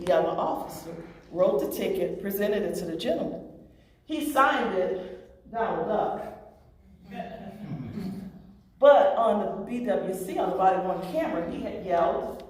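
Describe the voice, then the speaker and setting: A woman with a medium-pitched, darkish voice presents a story to a public oversight board, performing the quoted voices. A large meeting room gives strong echo, and the recording is echoey and picked up from far off.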